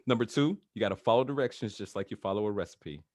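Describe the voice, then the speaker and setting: A man's voice: fairly low pitch, quick pace, a little mellow, dry recording, clean studio sound. A man working as a coach who talks in a casual, chatty way, with filler words and frequent laughs, over a video call. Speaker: NLP trainer, guest.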